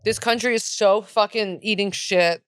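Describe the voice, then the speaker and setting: A woman's voice: medium pitch, steady tone, moderate pace, fairly bright tone, clear, resonant tone, no room sound, studio quality. A young adult woman co-hosting a comedy podcast, chatting casually and bluntly with casual swearing. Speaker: podcast co-host.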